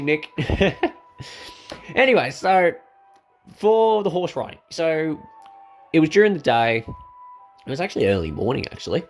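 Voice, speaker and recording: A man's voice: a little high, sing-song, moderate pace, pauses often, faint music behind. A young man, rambling through a casual personal story with many ums and restarts.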